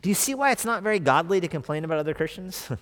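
A man's voice: high-pitched, expressive, racing, fairly bright tone. Man preaching a conversational sermon in a reverberant church. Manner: conversational, asks the congregation questions. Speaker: pastor.

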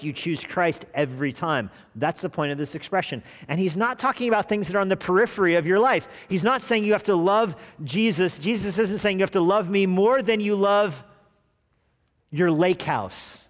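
Guy preaching a sunday sermon, kinda high voice, swings from loud to hushed, big echoey church. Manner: animated preaching, dropping to quiet asides. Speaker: pastor. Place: church sanctuary. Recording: long reverb of a church hall.

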